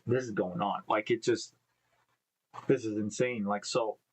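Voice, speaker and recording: A man with a lowish, fairly even voice talks a little slowly, hosting a casual live stream from an indoor room full of live beehives. He reads news stories aloud, stumbles over names, and stops to think out loud. The low-quality recording carries a slight hiss or hum.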